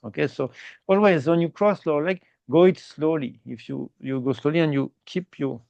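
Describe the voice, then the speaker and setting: Male meditation teacher, slightly high and gravelly, dry muffled sound, patient non-native English. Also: darkish tone, no echo. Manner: explains slowly and repeatedly, ending phrases with "okay?"; non-native English with simple grammar slips. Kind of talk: guided meditation instruction.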